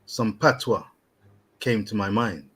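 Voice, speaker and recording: A man's voice: lowish voice, takes it slowly, a bit bright, breathy edge. A man co-hosting a casual live-stream chat, playful, wordy and theatrical. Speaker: co-host.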